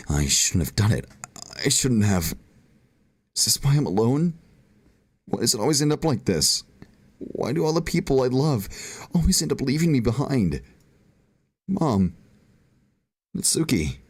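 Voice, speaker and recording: A man's voice: lowish voice, slightly rough, no room sound, exaggerated voice. A man reading aloud as a shy, anguished teenage girl narrating a visual novel, voicing her with emotional outbursts. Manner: reads emotionally, rising to pleading outbursts.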